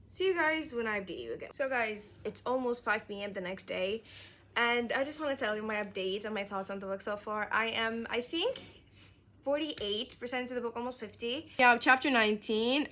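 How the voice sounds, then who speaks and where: A woman whose first language is Arabic talks casually to her viewers about her reading. Her voice sits at a middle pitch. She is chatty and excitable, and her talk is full of fillers. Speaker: book vlogger. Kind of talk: casual reading vlog chat.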